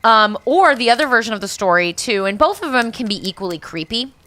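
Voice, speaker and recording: A woman co-hosting a podcast, telling a ghost legend in casual chat with lively, profane asides. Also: a little high, a little fast. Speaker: podcast co-host, storyteller.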